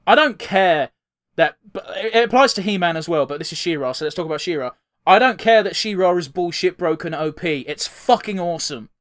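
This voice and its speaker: Young male podcast co-host, high-pitched, excitable and profane, casual chat. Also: brisk. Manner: excitable, swears freely, laughs often.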